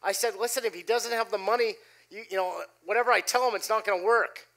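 A middle-aged man preaching a sermon, telling a personal story with animated delivery and dropping his voice low for quoted lines. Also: quick pace. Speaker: pastor. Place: church stage before a congregation.

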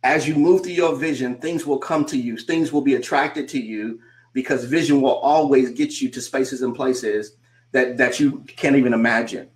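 A man, a coach, giving a motivational talk to a remote audience. He repeats his points and asks the listener rhetorical questions, slowing down to stress key phrases. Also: mid-range voice. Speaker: coach and conference speaker. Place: speaking remotely to a virtual audience.

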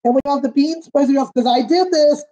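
A woman kindergarten teacher reading a picture book aloud to children, gently explaining words and asking them questions. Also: high-pitched, brisk, muffled recording.

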